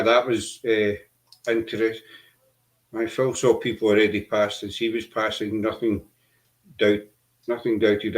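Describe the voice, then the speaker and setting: A middle-aged man hosting a podcast, telling his story earnestly over a video call, halting often with fillers. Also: mid-range voice. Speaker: podcast host. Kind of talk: casual chat.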